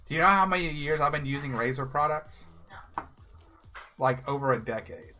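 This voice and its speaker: A male game streamer talks to his live audience in a blunt, animated way, full of advice. His voice sits a bit high and bright, and his pitch swings widely. Faint music plays underneath. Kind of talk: live stream talk to viewers.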